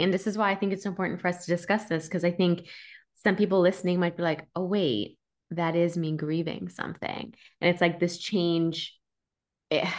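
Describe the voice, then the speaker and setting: A woman podcast host talking in a chatty, expressive way in a casual interview. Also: on the low side.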